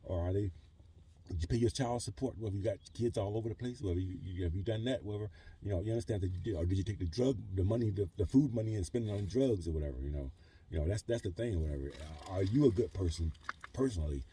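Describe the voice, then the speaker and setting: A man's voice: low voice, fast talker, mellow, husky. A middle-aged man talking in a rambling vlog monologue, full of "you know" and "whatever", from his truck camper. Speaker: vlogger living in a truck camper. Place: truck camper in a trailer park.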